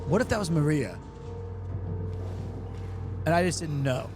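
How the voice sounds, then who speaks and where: A man's voice: fairly high pitch, animated, unhurried, music in the background. A man streaming a game, chatting casually and joking with his viewers, often breaking into laughter. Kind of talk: casual live-stream gameplay commentary. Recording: noticeable background noise.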